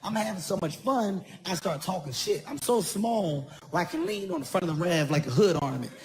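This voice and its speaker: A man doing stand-up comedy storytelling, animated and self-mocking, often laughing through his own lines. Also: high voice, fairly quick, a crowd in the background. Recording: live venue, audible ambient noise.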